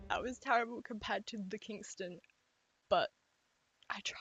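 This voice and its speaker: A young English woman vlogging at home to her webcam, chatty and self-deprecating, talking quietly so as not to wake the household. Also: mid-range voice, moderate pace, pauses often, breathy edge, no room sound, dull audio, faint music behind. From England. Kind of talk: casual webcam vlog. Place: room at home.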